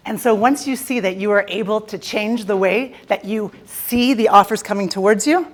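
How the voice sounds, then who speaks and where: A woman's voice: mid-range voice, normal speed, few pauses. A Canadian woman giving a playful, jokey motivational talk on a conference stage, teasing the audience. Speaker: keynote speaker.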